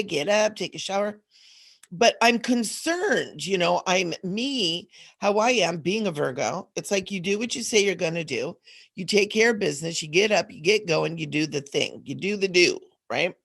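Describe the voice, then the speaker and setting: Groggy chatty woman with a gravelly edge. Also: fairly low pitch. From Southern California. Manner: rambling, laughs often, frequent fillers. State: sleepy and groggy. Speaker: host. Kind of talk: casual spiritual livestream talk.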